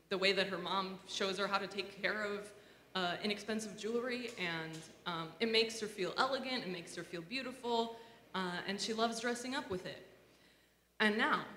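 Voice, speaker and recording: Woman musing about her past, lots of ums and restarts, sharp bright tone, roomy reverb. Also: mid-range voice. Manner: conversational, many fillers and restarts. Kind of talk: reflective personal talk. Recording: echoey room with long reverb, faint noise.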